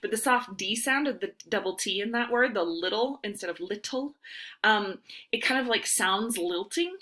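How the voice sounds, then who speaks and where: A woman's voice: medium pitch, normal speed, bright, forceful tone. A young woman teacher giving a casual recorded lecture from home, talking informally with many ums and rights.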